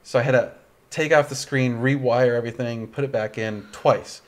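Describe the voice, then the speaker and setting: A man's voice: mid-range voice, steady tone, normal speed. A young man hosting a casual livestream chat, tired and yawning, rambling and laughing often. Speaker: livestream host.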